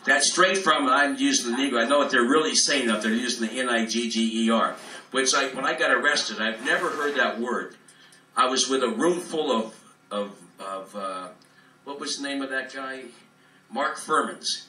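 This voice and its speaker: A man's voice: medium pitch, normal speed, sharp tone. A man doing a live stand-up set as a comedian, in a profane, rambling, free-form ad-libbed rant. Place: club room, live in front of an audience. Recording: roomy echo, distant mic, faint room noise.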